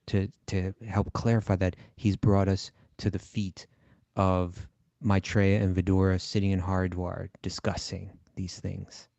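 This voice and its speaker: A man explaining spiritual teachings in casual talk, thoughtful and full of restarts. His voice is low and mellow. The recording is dry and somewhat dull. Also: dry recording. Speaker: podcast host and teacher.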